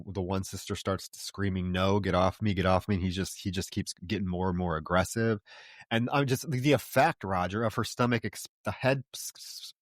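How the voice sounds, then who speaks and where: A man's voice: fairly low pitch, no room sound, studio quality. Reflective man recapping a film plot. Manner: measured, reflective, gathers his thoughts aloud. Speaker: podcast co-host. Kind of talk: casual film discussion.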